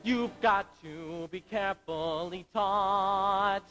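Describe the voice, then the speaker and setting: A man's voice: high voice, takes it slowly, pushed and bright, soft background music, full character voice, rough recording. A teenage boy acting and singing as a troubled young Marine lieutenant in a school musical on stage. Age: late teens. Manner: anguished, searching, sung ballad. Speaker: student actor in a school musical.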